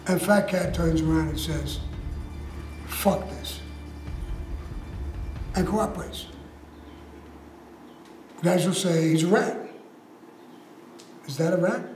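Gruff, profane older New man. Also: a little high, measured pace, pauses often, darkish tone, soft background music. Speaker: interview guest. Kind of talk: blunt, profane storytelling. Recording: echoey room with faint noise.

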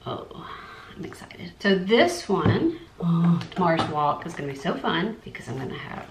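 A woman's voice: lowish voice, sing-song, moderate pace. A woman, an art YouTuber, chatting casually through a supply haul and muttering asides to herself. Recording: echoey room, faint noise.

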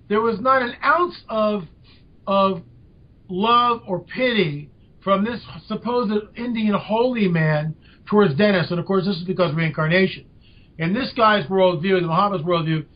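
An older man, a podcast guest, telling a story with lively emphasis. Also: sits high. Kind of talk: storytelling in an interview. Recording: dull lo-fi audio.

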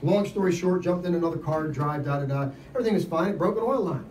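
A man giving an informal sermon, telling stories in an animated way and laughing often. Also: a little high, quick pace, roomy sound, far from the mic, a little hiss or hum, poor audio. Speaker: lay preacher. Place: event gathering.

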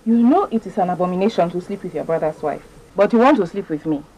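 A woman's voice: lowish voice, lively intonation, quick pace, warm tone, rough recording. A woman with a Nigerian accent playing an indignant wife who protests and pleads with an intruder. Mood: alarmed. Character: frightened, indignant young wife defending herself. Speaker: brother's wife. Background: film score.

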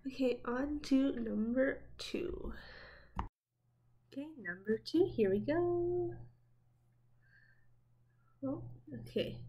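A woman's voice: high-pitched, expressive, takes it slowly, pauses often, mellow, lo-fi sound. A young woman chatting casually as she reacts to video clips, laughing often and talking back to what she watches.

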